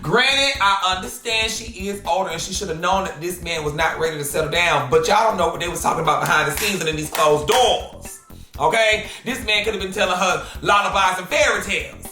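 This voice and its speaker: A man hosting a drama commentary show, talking in a sassy, slangy, animated gossip style. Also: high voice, fairly quick, faint music behind. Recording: roomy echo.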